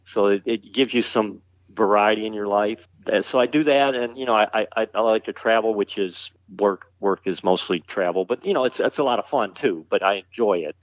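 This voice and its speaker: A man with a fairly low voice talks in a relaxed, halting way, often repeating his words. The sound is dull and very dry, with little room around it. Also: no echo. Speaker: museum founder, guest. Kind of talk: casual interview chat.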